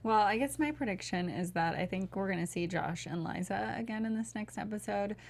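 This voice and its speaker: A woman's voice: medium pitch, fairly quick. A woman co-hosting a casual TV recap panel, chatty and loose with some hesitation. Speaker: panel co-host.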